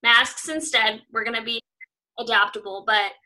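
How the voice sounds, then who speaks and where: A young woman from California talks casually as an interview guest. Her voice sits fairly high and rings bright and forward. She is chatty and upbeat, sprinkling in 'um' and 'like'. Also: steady tone, moderate pace, low-quality recording. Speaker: news reporter, interview guest.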